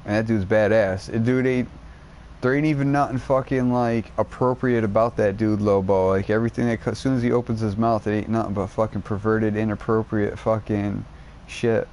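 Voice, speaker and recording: A man streaming a game, rambling in casual chat and retelling a show in an excitable, foul-mouthed, slang-heavy way. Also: lowish voice, normal speed, slight background noise. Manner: profanity-laden, excitable storytelling, heavy slang.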